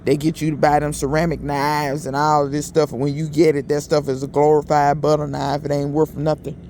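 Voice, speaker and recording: Male gardening vlogger, folksy and chatty, a bit high-voiced, faint outdoor noise behind. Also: completely flat delivery, fairly quick, a little mellow. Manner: chatty, folksy, talks straight to viewers as y'all. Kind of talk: casual garden walkthrough vlog. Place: outdoors in a yard.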